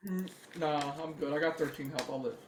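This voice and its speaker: A man's voice: fairly high pitch, brisk, slight background noise, low-quality recording. A man playing a tabletop game over voice chat, laid-back and slangy as he describes his character's actions. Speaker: player.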